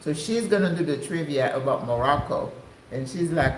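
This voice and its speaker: Chatty older woman vlogging, lively pitch. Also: normal speed, slight background noise. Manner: chatty, exclamatory, laughs often. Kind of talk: casual chat. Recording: echoey room.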